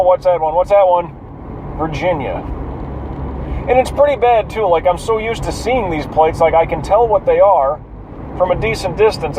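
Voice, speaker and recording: A man with a fairly high voice talks to himself from behind the wheel, rambling and swearing at traffic. He sounds tired and drifts from topic to topic. The recording is dull and lo-fi, with faint road noise underneath. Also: mellow. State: yawning and tired. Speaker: vlogger. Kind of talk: casual driving monologue. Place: inside a car while driving.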